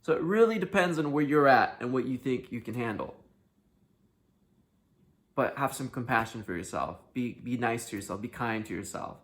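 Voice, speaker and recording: Earnest man, hushed to emphatic swings. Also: medium pitch, animated, moderate pace. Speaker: self-help video host. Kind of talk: candid monologue to camera.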